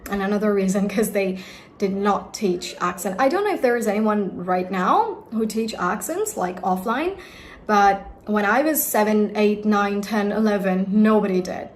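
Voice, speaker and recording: A woman's voice: mid-range voice, normal speed, slight background noise. A young woman from India telling a personal story in a vlog as an accent coach, emphatic and giving direct advice to viewers.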